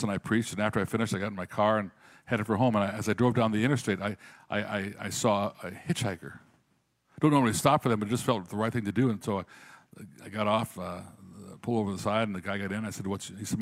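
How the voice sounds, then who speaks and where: Male pastor, low voice, dry close sound. Delivers an animated sermon with storytelling. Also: no room sound. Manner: animated storytelling, raises voice for quoted prayers.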